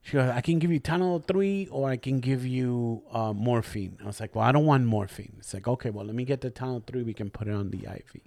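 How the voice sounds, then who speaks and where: A man's voice: mid-range voice, fast, few pauses. A man hosting a podcast, telling a story casually with lots of swearing and acting out the people in it. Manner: profane, animated, acts out quoted voices. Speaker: podcast host.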